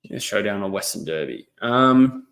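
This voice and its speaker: A man's voice: on the low side, lively intonation, normal speed, a bit bright. A young Australian man hosting a casual live stream, commentating on a match and chatting with viewers, rambling with lots of ums. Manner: rambling, many ums, reads chat messages aloud. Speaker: footy livestream host. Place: indoors at a laptop.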